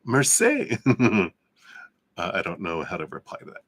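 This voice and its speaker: A man's voice: low voice, huge pitch swings, unhurried, a bit bright, husky, dry recording. Tense-toned man chatting through a live tarot reading. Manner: chatty, laughs often between remarks. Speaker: tarot reader hosting a live stream.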